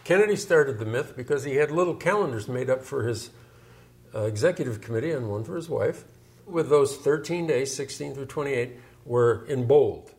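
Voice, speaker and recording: A man's voice: medium pitch, normal speed, darkish tone. A man talking through history in an emphatic, storytelling way. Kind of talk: explanatory discussion.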